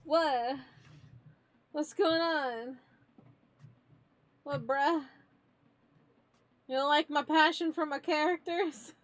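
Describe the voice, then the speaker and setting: A young adult woman streams live while drawing, chatting casually in a gushing, playful, slang-filled way. Her voice is high-pitched and steady in tone, very slow, with frequent pauses and no room sound.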